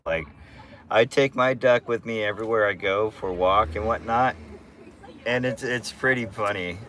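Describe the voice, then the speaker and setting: A man's voice: mid-range voice, bright, forceful tone, slight background noise. A man chatting casually to viewers on a live stream in a laid-back, slangy way.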